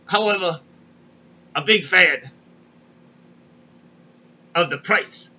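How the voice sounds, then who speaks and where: A man's voice: sits high, drawn-out words, bright, forceful tone, dull audio. A man hosting a comedic crypto show, rambling and kvetching as he tells stories. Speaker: podcast host. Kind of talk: comedic crypto market monologue.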